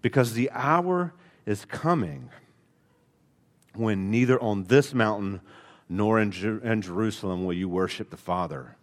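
A man's voice: fairly low pitch, unhurried. Man, Alabama accent, pastor preaching a sermon, earnest with folksy asides, long church reverb. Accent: Alabama Southern. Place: church sanctuary.

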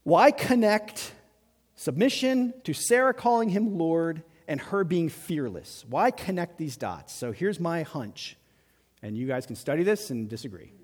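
A man preaching a sermon in a lively, conversational way, acting out quotes as he goes. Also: fairly high pitch, unhurried. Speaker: pastor. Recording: long reverb of a large hall.

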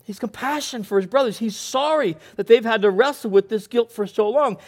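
A male pastor preaching a sermon in an earnest way, moving between quiet, thoughtful passages and emphatic ones. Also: very high-pitched.

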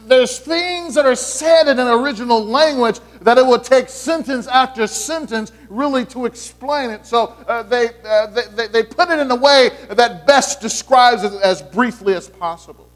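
A man's voice: extremely high pitch, unhurried, hardly any pauses. A man preaching a sermon as pastor, talking to the congregation in a conversational way, with playful asides and frequent restarts.

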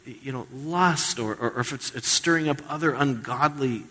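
Male pastor, bright forceful voice, conversational joking sermon, long hall reverb. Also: mid-range voice, normal speed, slightly rough.

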